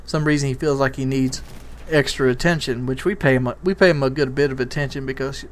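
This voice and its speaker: A man's voice: medium pitch, fairly even intonation, quick pace, slight background noise. A man doing a casual, rambling commentary, telling a candid parenting story with many restarts. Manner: rambling, repeats words and restarts. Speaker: YouTube commentator.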